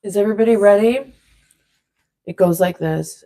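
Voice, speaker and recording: A woman leading a silly vocal warm-up in a playful, rambling way, drifting into loose improvised rapping. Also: on the low side, moderate pace. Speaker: vlogger leading a vocal exercise. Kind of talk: playful casual instruction.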